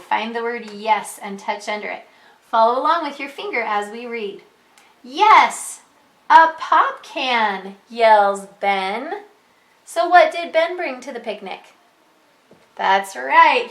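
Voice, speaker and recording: A woman teaching a preschool reading lesson, prompting children slowly and encouragingly in a sing-song way. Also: on the high side, a bit bright. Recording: echoey room.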